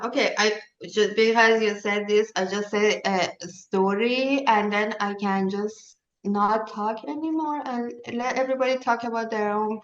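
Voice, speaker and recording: A woman leading a workshop, telling a story in halting with many fillers, heard over a video call. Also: mid-range voice. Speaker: workshop leader. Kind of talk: casual storytelling. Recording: roomy, distant, dull sound.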